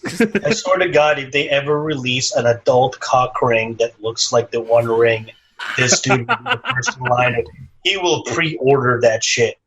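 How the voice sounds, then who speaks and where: A man's voice: medium pitch, unhurried, a bit bright, slight background noise. A man co-hosting a casual podcast, teasing his friends with crude jokes. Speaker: podcast co-host. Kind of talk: casual chat.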